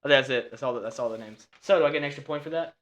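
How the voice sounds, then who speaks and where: A young man hosting a podcast with his father, earnest and easily flustered, talking in quick bursts. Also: mid-range voice, fairly bright tone. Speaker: podcast host, son. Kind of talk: casual chat.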